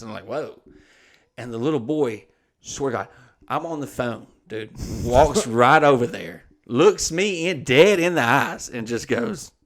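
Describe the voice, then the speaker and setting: A man hosting a podcast, telling a funny story in a loose, profane, animated way. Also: mid-range voice. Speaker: podcast host. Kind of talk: casual comedic storytelling.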